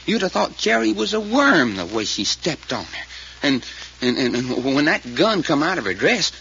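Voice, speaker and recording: An actor playing a homespun, plainspoken male sidekick, retelling events with rustic grammar and halting restarts, in 1940s radio acting. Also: fairly high pitch, very animated, gravelly, sharp tone, a little hiss or hum, heavily acted. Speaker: witness recounting events. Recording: dull lo-fi old radio recording.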